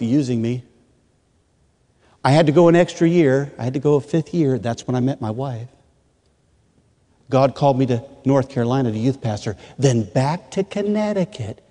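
A middle-aged man from rural Michigan, a pastor telling his testimony in an animated way and acting out the voices of the people in it. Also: medium pitch. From rural Michigan, USA. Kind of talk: testimony sermon. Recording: long reverb of a large hall.

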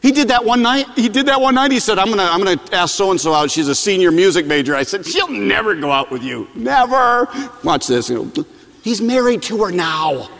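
Animated high-voiced preacher man. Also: fairly quick. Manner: animated storytelling, repeats lines for emphasis. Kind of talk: sermon. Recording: long hall reverb.

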